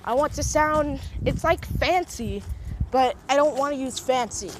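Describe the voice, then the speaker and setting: Slow, rambling young woman on a phone. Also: sits high, a little hiss or hum. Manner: rambling, self-correcting, heavy use of filler words. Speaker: vlogger. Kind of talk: rambling casual monologue. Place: recording on a phone while out and about.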